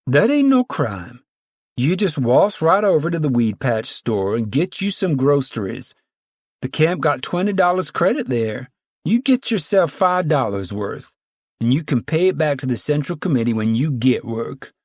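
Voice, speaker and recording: A man's voice: fairly high pitch, big pitch swings, moderate pace, dry recording, pitched above the performer's own voice. Male reader plays bossy rural woman chairing committee; stern, drawling, dry close read. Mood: scolding.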